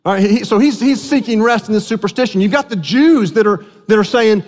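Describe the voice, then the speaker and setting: A man preaching a sermon as pastor, animated and asking his congregation questions. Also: high-pitched, a little fast, few pauses. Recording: long hall reverb.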